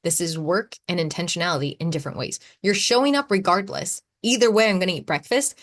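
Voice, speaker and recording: A woman in her thirties hosting a casual solo podcast, talking in a chatty, animated way and laughing often. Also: fairly low pitch, fast talker. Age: 30s. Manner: chatty, animated, acts out her own quotes. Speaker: podcast host.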